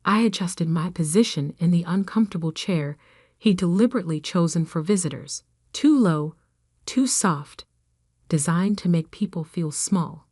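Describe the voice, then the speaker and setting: Brief: woman narrator, calm measured scripted storytelling, low voice, dry close sound. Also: no echo.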